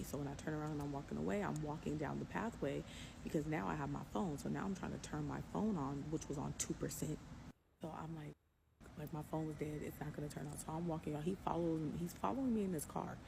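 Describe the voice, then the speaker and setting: Woman spilling a story, gravelly fry all through it, noisy background behind her. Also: sits low, quick pace. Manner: emphatic, repeats herself for effect. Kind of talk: animated storytime.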